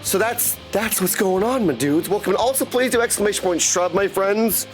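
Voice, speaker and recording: Brief: high-pitched, excitable male streamer rambling to chat, faint music behind. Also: moderate pace. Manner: excitable, rambling, keeps saying "my dudes". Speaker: game streamer. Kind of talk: casual live stream chat.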